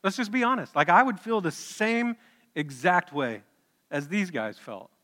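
A man's voice: high-pitched, expressive, a little slow, fairly bright tone, long reverb tail. A man preaching a sermon as a pastor, telling the story in a conversational way and putting questions to the congregation.

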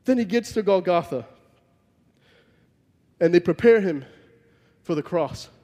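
A man's voice: high voice, animated, a little slow, warm tone. A man preaching a sermon, telling the story vividly and emphatically and acting out the scenes. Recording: long reverb from a large hall.

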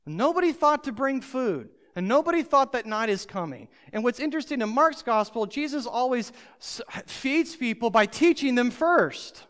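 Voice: medium pitch, lively intonation, moderate pace, few pauses, a bit bright. A pastor preaching a sermon, speaking emphatically and straight to the listeners. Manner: emphatic, addresses listeners directly. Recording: long hall reverb.

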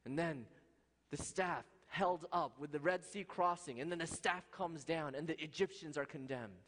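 A fairly high-voiced man delivering an impassioned sermon, rising to loud peaks and dropping to near-hushed passages. His voice rings out with a long reverb trailing behind it, as in a large hall. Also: normal speed. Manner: impassioned, swings from loud highs to hushed lows. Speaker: preacher.

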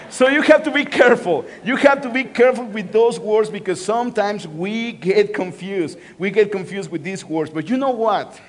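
A man with a Spanish accent preaching a lively sermon, joking and asking his congregation questions. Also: on the high side. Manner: lively, playful, asks the crowd questions. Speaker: pastor.

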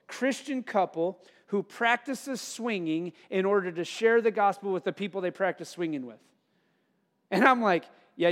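A man preaching a sermon as pastor, building to emphatic, loud points and dropping to soft, quiet lines. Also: sits high, long reverb tail.

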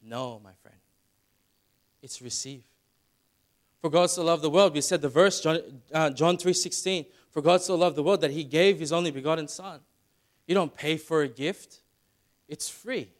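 A middle-aged man preaching a sermon as pastor, building to loud emphatic passages. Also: a little high, moderate pace, long pauses.

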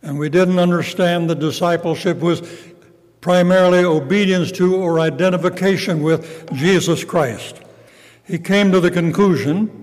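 An older man preaching a sermon in a measured, reflective way, with pauses. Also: on the high side, darkish tone, long reverb tail, low-quality recording. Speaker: pastor.

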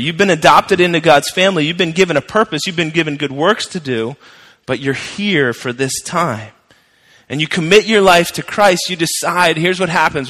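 A man's voice: on the high side, a bit bright, big-room sound. A male pastor preaching a sermon in a conversational, emphatic way, repeating his key phrases.

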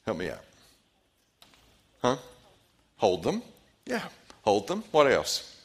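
A man's voice: fairly low pitch, wildly swooping pitch, slow, breathy edge. A man in his forties, a pastor leading a parenting seminar, who asks the audience questions and repeats their answers. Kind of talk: interactive seminar talk.

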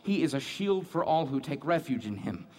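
A man's voice: fairly high pitch, big pitch swings, normal speed, a little mellow. A man playing a devout man wrestling with guilt. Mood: troubled. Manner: questioning, searching, self-doubting. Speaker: man reading scripture alone. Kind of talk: dramatic monologue.

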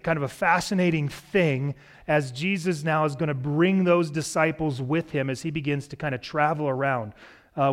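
Pastor guy giving a sermon in church, kinda high voice, loose and jokey. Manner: relaxed, joking asides to the congregation. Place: church sanctuary.

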